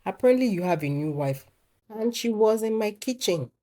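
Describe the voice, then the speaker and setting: A woman voicing a patient young wife in a storybook tale, soft and pleading yet firm. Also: medium pitch, lively intonation, normal speed, pitched above the performer's own voice, close to an everyday voice. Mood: indignant.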